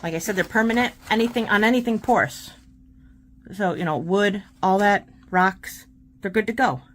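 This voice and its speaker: A woman's voice: mid-range voice, normal speed, a little hiss or hum. A woman hosting a casual art tutorial, chatting and encouraging while she demonstrates paint pens.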